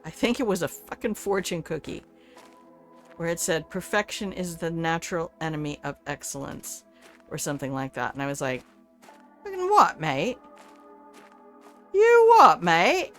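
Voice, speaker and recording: A woman's voice: low-pitched, fairly even intonation, normal speed, faint music behind. An older woman chatting casually as she streams a video game. She talks back to the game and swears offhandedly. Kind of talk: casual live-stream gameplay commentary.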